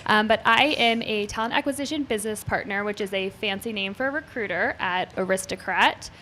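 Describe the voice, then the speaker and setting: A woman's voice: medium pitch, fairly quick, pushed and bright, slight background noise. A young woman from Las Vegas, a recruiter introducing herself on a panel in a friendly way. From Las Vegas, USA. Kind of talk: casual panel talk.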